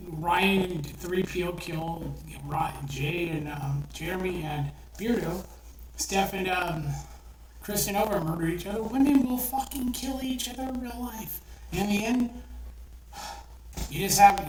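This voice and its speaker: Rambling, profane storyteller on a distant mic. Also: medium pitch. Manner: rambling, profane, many fillers and restarts. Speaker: online storyteller. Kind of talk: casual retelling of a self-written short story. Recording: roomy, distant mic with faint noise.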